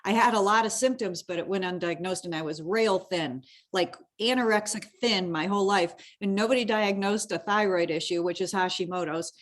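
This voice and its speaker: Woman, podcast host, casual chat, animated, restarts sentences, medium pitch. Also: brisk, few pauses. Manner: chatty, emotional and animated, many restarts.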